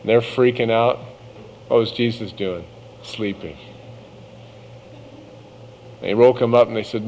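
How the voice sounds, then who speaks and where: A man preaching a sermon, reading scripture slowly and measuredly, then breaking into casual asides. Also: medium pitch, fairly even intonation, a little mellow, in a large hall, slight background noise, rough recording.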